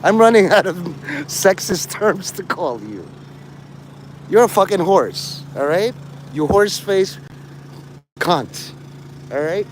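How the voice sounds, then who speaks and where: A man's voice: high voice, lively intonation, slow, long pauses, slight background noise. A man livestreaming to his chat, rambling and teasing people in crude, mocking talk.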